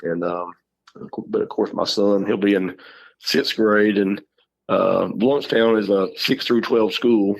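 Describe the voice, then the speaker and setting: A middle-aged man, a high school football coach telling stories in a casual interview, rambling and restarting his words. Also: fairly even intonation, unhurried, vocal fry, rough recording. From Georgia, USA.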